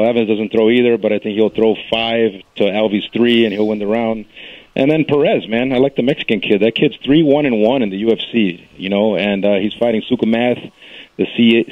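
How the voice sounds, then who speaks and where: A man's voice: medium pitch, no echo. A man from Chicago calling in to a radio show, rambling through his picks with many fillers. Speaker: caller. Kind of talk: casual call-in betting talk. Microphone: phone line. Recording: dull dry phone line.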